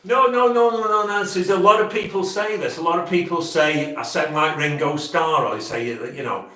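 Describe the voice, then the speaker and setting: A man's voice: a little high, a little fast, sharp tone. A man from Cheshire with a Cheshire accent, hosting a casual live chat in a chatty, jokey way and laughing often. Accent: Cheshire, near Macclesfield. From Cheshire, England. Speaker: live stream host. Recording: echoey room, mic far off.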